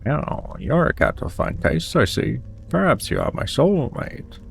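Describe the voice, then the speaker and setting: A man's voice: on the high side, big pitch swings, unhurried, creaky, faint music behind, pitched above the performer's own voice, full character voice. A man voicing a vain, dreamy male cat artist in a video game, in a sing-song voice that tacks meow onto his lines. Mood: fawning.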